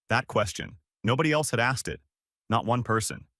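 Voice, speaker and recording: Low-voiced man narrating a story. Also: dry recording, studio quality. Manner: flat, measured, numb.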